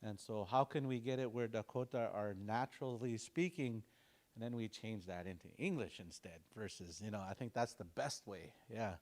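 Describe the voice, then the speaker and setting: A man's voice: fairly low pitch, a little mellow. A man teaching a language class, explaining pronunciation patiently and repeating sounds aloud for students to copy. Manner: explains slowly, repeats sounds aloud for practice, chuckles often.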